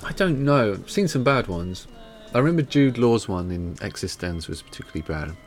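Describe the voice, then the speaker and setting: A man's voice: lowish voice, animated, a little fast, faint music behind. A man hosting a podcast, chatting casually with dry, self-mocking humour and frequent laughter. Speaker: podcast host.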